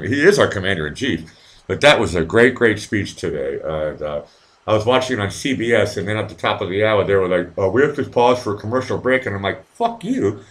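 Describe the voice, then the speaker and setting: A man's voice: fairly low pitch, fairly bright tone. Rambling, stammering man hosting a live stream. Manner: loose, meandering, stammers and repeats words, swears freely. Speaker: live show host.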